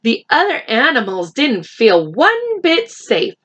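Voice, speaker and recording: A woman teacher reading a picture book aloud to children, expressive and stopping to count along with them. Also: on the high side, slow. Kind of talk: read-aloud storytime.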